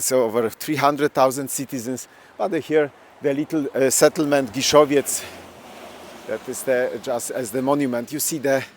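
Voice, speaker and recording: A man, a Polish speaker, leads a live walking tour through town streets, filming as he goes. His English comes in broken, hesitant bursts with a Polish accent, full of restarts and searching for words. His pitch sits in the middle of the male range. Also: a little mellow. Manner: hesitant, halting non-native English with many restarts. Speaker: tour guide.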